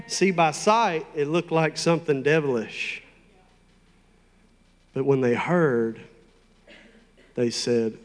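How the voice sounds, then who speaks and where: Male pastor, sermon delivery, very slow and deliberate, slightly high voice. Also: darkish tone, long reverb tail. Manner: slow, emphatic, playful asides to the congregation.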